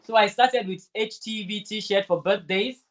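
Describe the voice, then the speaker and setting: A woman's voice: mid-range voice, a little slow. Chatty woman crafting and chatting. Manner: chatty, rambling, restarts sentences. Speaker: crafter vlogger. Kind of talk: casual chat while sewing.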